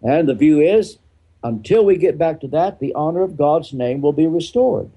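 A man's voice: fairly high pitch, lively intonation, normal speed, gravelly, warm tone, slightly rough. An older man, a retired pastor being interviewed, explaining his views emphatically and answering his own rhetorical questions.

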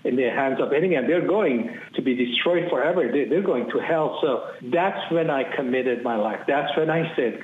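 A man's voice: mid-range voice, moderate pace, hardly any pauses, a little hiss or hum. A man from Iran, giving an earnest, emphatic personal testimony as an interview guest. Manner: earnest, emphatic, repeats phrases for weight. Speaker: ministry leader, interview guest. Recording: tinny phone-like audio in an echoey room.

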